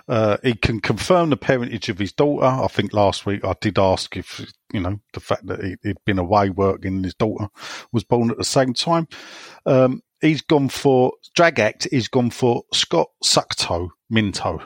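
A man's voice: lowish voice, moderate pace, dry recording. A man co-hosting a casual football podcast, blunt and mocking in his jokes. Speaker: podcast co-host.

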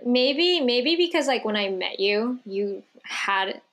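Woman on a podcast, higher voice, chatty and reassuring. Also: animated, slow, a bit bright. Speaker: podcast co-host. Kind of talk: casual chat.

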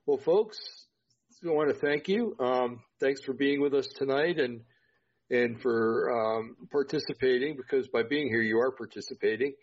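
A tired-sounding podcast host affirms his co-host and signs off loosely, leaning on lots of fillers. His voice is medium-pitched at a moderate pace, and the lo-fi audio sounds dull.

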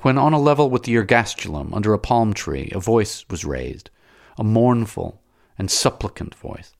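A man reading a classic novel aloud as an audiobook narrator, in a measured, dramatic way. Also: fairly low pitch, expressive, gravelly, no echo, studio quality.

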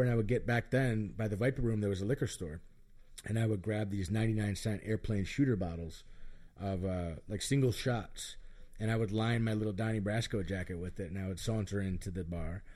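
A man's voice: fairly low pitch, warm tone. A middle-aged man telling candid, self-mocking stories in casual chat, rambling with lots of fillers. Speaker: podcast guest storyteller.

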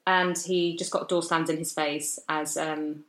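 A woman on a podcast, talking in a slightly low voice in a relaxed, chatty way. She tells anecdotes and often drops into other people's voices. The recording has a roomy echo. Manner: chatty, quick to tell stories, mimics others. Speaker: podcast co-host. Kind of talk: casual chat.

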